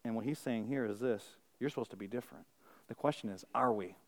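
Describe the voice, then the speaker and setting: A man preaching a sermon as pastor, conversational and self-deprecating, swinging from quiet asides to loud, emphatic peaks. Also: mid-range voice, quick pace.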